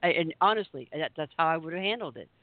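A woman's voice: deep voice, fast, dry recording. A woman co-host tells a story on a casual talk show, voicing each quote with relish. Her voice comes through a narrow, phone-like band with a dry sound. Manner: animated storyteller acting out quotes. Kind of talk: casual radio chat.

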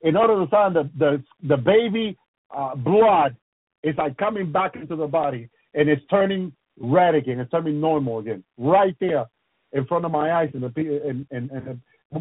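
This testimony sermon comes over a dry, tinny, phone-like recording. The preacher, a man with a high, husky voice, stops and starts, repeats himself, and drops in "praise the Lord" after every few phrases.

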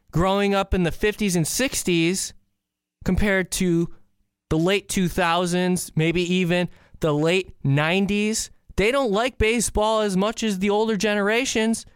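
A man from the Chicago area hosting a podcast, telling a story in an animated, incredulous way. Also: sits high, clean tone, dry recording, studio quality. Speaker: podcast host. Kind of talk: casual solo podcast rant.

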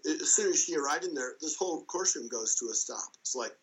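Man telling a lively, chuckling story. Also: on the high side, brisk, slightly rough, poor audio. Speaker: interview guest. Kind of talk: casual storytelling.

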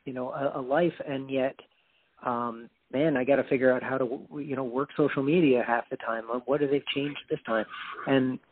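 A man's voice: mid-range voice, steady tone, moderate pace, husky. A man being interviewed as a guest musician, talking earnestly in a rambling way with frequent restarts. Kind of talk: casual interview chat. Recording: tinny phone-like call audio.

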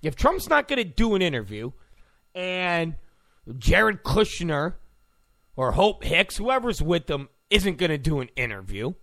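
A man's voice: a little high, very animated, a little slow, sharp tone. A man ranting sarcastically as a political commentator, mocking and full of insults.

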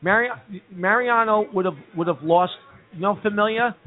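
A man's voice: sits high, a crowd in the background. A man hosting a casual live talk show in a pub, stumbling over his words with lots of uh and restarts. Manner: halting, full of uh and restarts. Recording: tinny phone-like sound.

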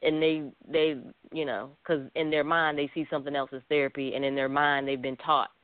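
A man's voice: a little high, level tone, fairly quick, clear, resonant tone, no echo. A man counseling as a radio guest, talking bluntly and straight, often laughing. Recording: dry tinny phone-like line.

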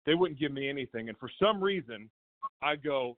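A man's voice: mid-range voice, expressive, fairly quick. A man calling in as a guest, telling a raw personal story in a rambling, self-correcting way. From Oklahoma. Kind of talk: candid personal testimony. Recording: tinny phone line.

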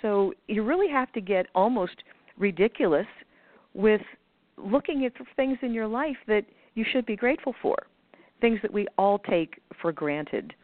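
The voice is a woman's, medium in pitch, expressive, and at a normal speed, heard over a tinny, dry phone line. As a guest speaker on manifestation, she explains casually and at length with many fillers and restarts, acting out others' lines in quoted asides.

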